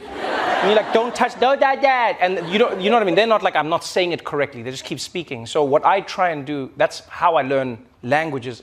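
A man, a comedian host, answering audience questions in casual chat, animated and laughing with quick asides. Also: on the high side.

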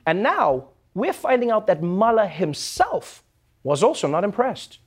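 A South African man hosting a late-night comedy show, delivering an animated, mocking monologue. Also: high-pitched, breathy edge. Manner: animated, mocking, quick asides. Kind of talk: stand-up monologue.

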